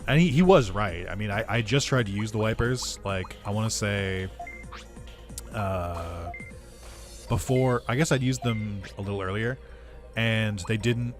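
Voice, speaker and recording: A man, a gaming video creator, casually telling a story over gameplay, animated, swearing and laughing as he acts out what people said. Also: lowish voice.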